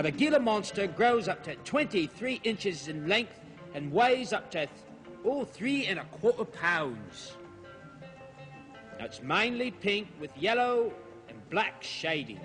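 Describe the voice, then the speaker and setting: A man's voice: high voice, sing-song, slow, pauses often, fairly bright tone, exaggerated voice. An actor playing a jolly male explorer narrating his animal film, chatty and marvelling as he talks to the lizards. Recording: music playing under old TV film.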